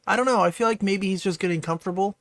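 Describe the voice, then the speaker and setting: A man's voice: sits high, rapid-fire, fairly bright tone, dry recording. A man casually reacting to a video on a live stream, reading chat questions aloud and answering in a laid-back way.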